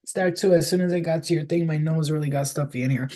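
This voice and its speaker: A woman's voice: low voice, fast talker, warm tone. Middle-aged woman, tarot reader, salty and unfiltered, chatty livestream delivery from her room. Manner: profane, candid, rambling storyteller. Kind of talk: casual live tarot reading chat.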